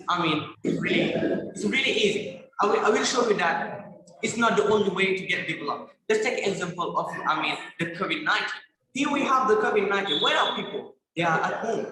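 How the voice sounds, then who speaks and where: A man's voice: high voice, animated, normal speed, noisy background. A teenage boy with a Senegalese accent giving a competitive debate speech over a video call, emphatic, firing rhetorical questions and stumbling over repeated words. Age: teens. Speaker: student debater. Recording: echoey room on a video call.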